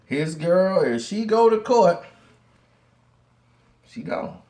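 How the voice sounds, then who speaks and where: Animated man telling a street story. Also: high voice, slow pace. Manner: lively, slangy, laughing asides, acts out every voice. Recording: roomy echo.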